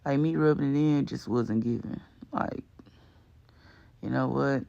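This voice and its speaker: Guy doing a rambly slangy cooking voiceover, kinda gravelly, mid pitch. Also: measured pace, mellow, dull audio. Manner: chatty, slangy, rambling with fillers. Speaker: cooking vlog host. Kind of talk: casual voice-over narration.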